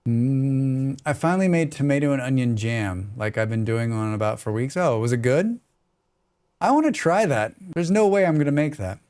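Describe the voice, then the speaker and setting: A man's voice: medium pitch, moderate pace, a little mellow, clean tone. An American man chatting casually and joking with his chat while he plays a survival game on a live stream.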